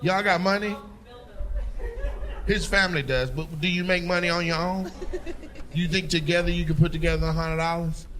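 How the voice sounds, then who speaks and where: A man's voice: a little high, steady tone, normal speed, pauses often, fairly bright tone. A middle-aged man, a stand-up comedian doing crowd work on stage, brash, teasing and profane with the audience. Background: audience laughter.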